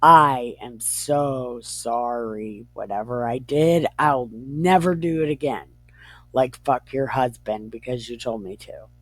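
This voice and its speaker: A chill, slangy male angel hands out blunt, coaxing advice, as a woman puts him on. The voice is unhurried and dry, with no room sound around it. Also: a bass voice, dry recording, pitched below the performer's own voice, exaggerated voice.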